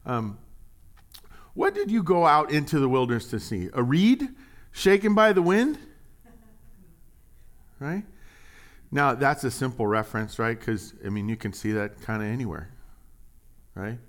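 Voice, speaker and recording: A man giving a relaxed, conversational sermon as a pastor. He jokes with the congregation and drops to quiet asides before punching key words loudly. His voice sits at an ordinary middle pitch. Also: moderate pace, long pauses. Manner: animated, joking, swings from hushed to loud emphasis.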